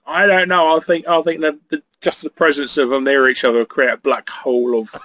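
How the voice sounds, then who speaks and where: A man as an interview guest, trading deadpan, mock-menacing jokes in casual chat. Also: fairly high pitch, fairly quick, rough recording.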